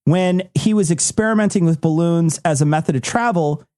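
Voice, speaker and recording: A man's voice: on the high side, moderate pace, darkish tone. A man hosting a comedy podcast, reading out facts in a wry, matter-of-fact way with joking asides. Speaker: podcast host reading the list.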